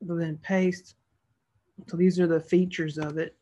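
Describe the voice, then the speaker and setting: A woman's voice: lowish voice, little pitch movement, measured pace, dark tone, highs cut off. A woman narrating a screen-recorded tutorial as an online seller, casual and thinking aloud as she clicks through each step.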